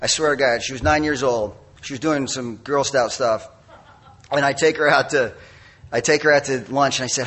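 A middle-aged man shares his recovery story at a meeting. His voice is husky and sits at an ordinary pitch. He speaks candidly and mocks himself, with quick asides. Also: fairly even intonation, a bit bright. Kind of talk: personal testimony talk.

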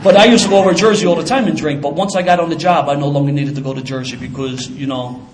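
An older man tells his story fast, in a casual, streetwise way. His voice sits a little high for a man. Faint room sound runs underneath. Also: steady tone, a little hiss or hum. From Philadelphia. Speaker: former police officer. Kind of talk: personal storytelling.

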